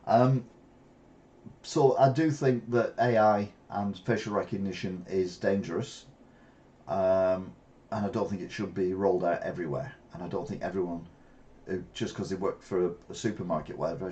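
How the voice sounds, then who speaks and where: A man's voice: low voice, moderate pace, mellow, highs cut off, slight background noise. An older man, chatting through news stories in a rambling way with wry asides. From England. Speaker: channel host. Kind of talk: casual news commentary.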